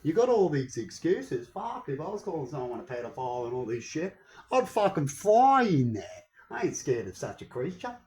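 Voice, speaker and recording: A young man talks straight to his viewers in a casual vlog rant, heated and full of swearing. His voice sits on the high side and jumps around with lively, wide swings in pitch. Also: normal speed, poor audio. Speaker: vlogger. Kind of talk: casual ranting monologue.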